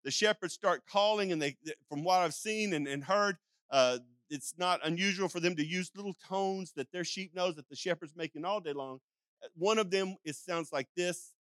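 An older male pastor tells a sermon like a folksy story, rambling through asides and acting out calls. His voice sits high and bright. The sound is close and dry. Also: fairly quick, dry recording. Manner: rambling with frequent restarts and asides.

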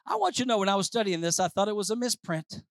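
A man preaching a sermon, calling for responses and swinging from soft asides to loud exhortation. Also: high-pitched, very fast, dry recording, clean studio sound. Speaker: pastor.

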